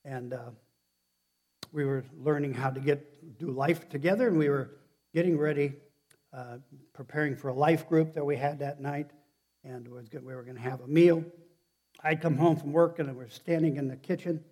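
A man preaching a sermon in a halting, conversational way, often restarting sentences and putting questions to the congregation. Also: a little high, fairly even intonation, dark tone. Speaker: pastor.

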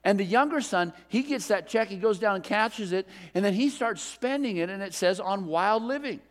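A middle-aged man preaching a sermon as a pastor, telling a story in a relaxed, conversational way. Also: high voice, moderate pace. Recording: long reverb of a large hall.

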